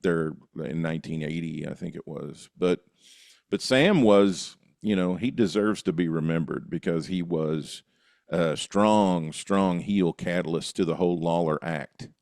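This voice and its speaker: A man's voice: deep voice, measured pace, gravelly, a little mellow, dry recording, studio quality. A man co-hosting a casual podcast, raising questions and recapping history in an easy conversational way. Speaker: co-host of a wrestling history show.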